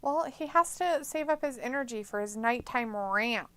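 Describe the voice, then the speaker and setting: A woman's voice: fairly high pitch, lively intonation, normal speed, fairly bright tone, smooth, no echo. A woman co-hosting a live watch-along stream, chatting casually with playful sarcasm and reading viewer messages aloud. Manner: playful, sarcastic, mock voices for chat messages, frequent laughs.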